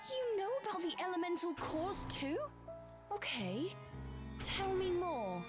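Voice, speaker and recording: Young witch girl in a game, very high, slow, hesitant, wary. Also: big pitch swings, loud music behind the voice, heavily acted. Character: young witch girl, timid but curious. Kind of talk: video game voice acting.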